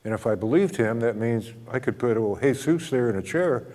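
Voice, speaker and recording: A man giving a spiritual talk, telling stories in a gentle, humorous way and chuckling often. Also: medium pitch, lively intonation, moderate pace. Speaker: spiritual teacher. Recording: long hall reverb.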